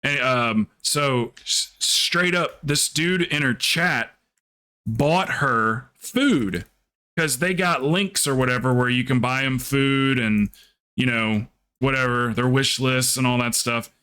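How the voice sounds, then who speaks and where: Rambling man streamer with a bright, forceful voice. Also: mid-range voice, slow pace, clean tone. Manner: rambling storyteller acting out quotes. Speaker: livestreamer. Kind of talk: casual stream chat.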